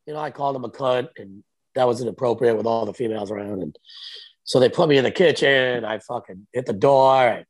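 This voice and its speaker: A man telling a profane, animated story in casual chat, acting out what each person said. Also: medium pitch, brisk. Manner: profane, animated, quotes himself and others. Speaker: podcast guest, tattoo artist.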